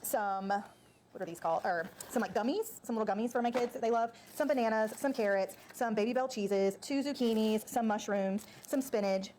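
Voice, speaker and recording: A woman's voice: a little high, normal speed, a little mellow, a little hiss or hum. A woman from North Carolina, chatting emotionally in a casual vlog, a bit teary and full of gratitude, with lots of fillers. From United States (North Carolina). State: teary-eyed. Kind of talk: casual vlog about groceries.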